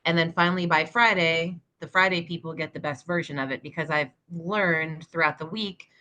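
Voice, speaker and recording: A woman's voice: low-pitched, steady tone, normal speed, bright, forceful tone. A woman who teaches yoga, co-hosting a podcast in casual chat, talking emphatically and swearing for emphasis.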